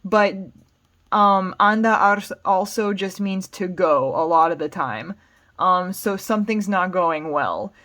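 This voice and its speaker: A woman's voice: lowish voice, expressive, slow, a bit bright. A woman with an American accent teaching Spanish, patiently explaining song lyrics word by word. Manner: patient, plain explanations with fillers.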